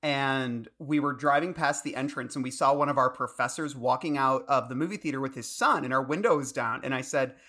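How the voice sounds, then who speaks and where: A man co-hosting a podcast in casual chat, enthusiastic and quick to laugh. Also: medium pitch, sharp tone. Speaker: podcast co-host.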